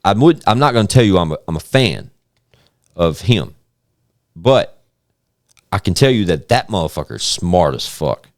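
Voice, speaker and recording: A man hosting a casual podcast chat, talking in an animated, profane way. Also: deep voice, normal speed, long pauses, dry recording, clean studio sound.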